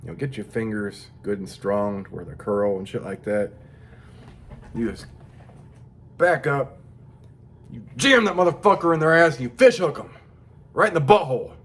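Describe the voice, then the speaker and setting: A man's voice: mid-range voice, normal speed, pauses often, a bit bright, slight background noise. A tired man rambling through a crude, profane casual monologue as a vlogger. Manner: profane, rambling, mock-tough.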